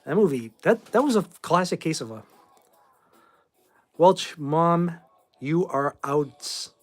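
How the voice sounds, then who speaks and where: A Boston man in his forties hosts a casual livestream, answering viewer questions in a rambling, offhand way with blunt opinions. His voice is on the high side and animated, his pace slow, with faint music in the background.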